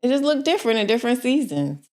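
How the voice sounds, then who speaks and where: A woman co-hosting a casual podcast, talking in a reflective, relaxed way in short phrases. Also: a little high, quick pace. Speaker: podcast co-host.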